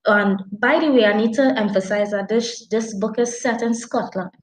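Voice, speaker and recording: A woman with a Trinidadian accent, chatting casually about a book as a podcast co-host, telling it with animated dialect. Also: medium pitch, normal speed, reverberant, low-quality recording. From Trinidad and Tobago. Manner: animated, dialect-heavy storytelling. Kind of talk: casual book review chat.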